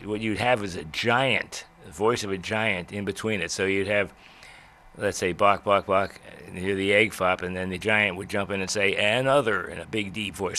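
An older man, a radio veteran, telling old stories in a rambling way with many pauses and restarts. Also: low voice, bright, forceful tone. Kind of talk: reminiscing talk.

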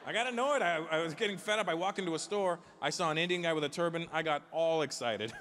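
A man in his forties performing a stand-up comedy set, talking animatedly and acting out characters in quick bits. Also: a little high, very noisy. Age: 40s. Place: large theater with a live audience.

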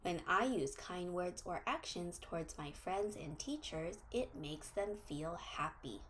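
A woman teaching preschoolers, reading a social story slowly in a sing-song, gently encouraging way. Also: on the low side, expressive, creaky, a little hiss or hum. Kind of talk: social story read to young children.

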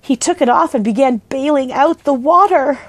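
A woman's voice: high-pitched, moderate pace, no echo. Woman reading a children's book aloud. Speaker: storybook reader.

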